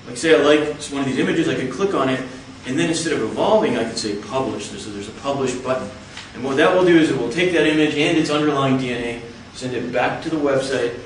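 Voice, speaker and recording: A man giving a lecture, explaining step by step in a measured way. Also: medium pitch, a little hiss or hum. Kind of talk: explanatory talk. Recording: echoey hall, from far off.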